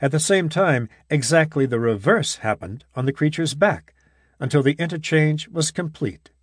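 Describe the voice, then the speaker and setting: A man narrating a story in a measured, even reading voice. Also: on the high side, husky, no echo, studio quality. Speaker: audiobook narrator. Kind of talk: scripted narration.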